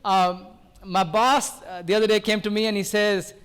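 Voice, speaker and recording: An older man from India doing a loud, fast-talking live stand-up routine, joking with the crowd at a variety show. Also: sits high, flat delivery, smooth. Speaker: stand-up comedian.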